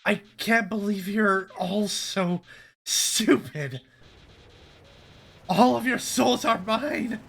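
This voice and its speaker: A man voicing a menacing, gleeful evil flower monster from a video game, reading its dialogue aloud slowly and tauntingly. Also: high-pitched, gravelly, a bit bright, slightly rough, full character voice.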